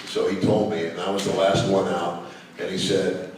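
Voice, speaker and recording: Deep-voiced older man telling stories in an echoey hall. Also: level tone, normal speed, slight background noise. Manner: chatty anecdotal storyteller, many fillers. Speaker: guest speaker. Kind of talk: storytelling to a live audience. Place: large hall with a live audience. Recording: echoey hall, mic from far off.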